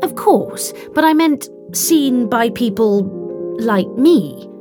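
Woman reading as Charlie, a pleading young woman, high-pitched. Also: animated, takes it slowly, music in the background. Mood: earnest.

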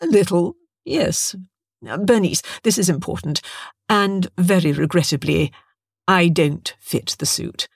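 A woman voicing a smug, composed gentleman academic who talks in a purring way. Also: on the low side, animated, takes it slowly, creaky, breathy edge, no room sound, studio quality, heavily acted.

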